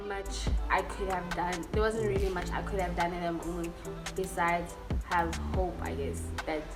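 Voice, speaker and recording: A young adult woman, telling a personal story in a candid, emotional vlog, with lots of 'like' and 'you know'. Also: lowish voice. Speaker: vlogger. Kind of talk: storytime vlog, casual chat. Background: background music.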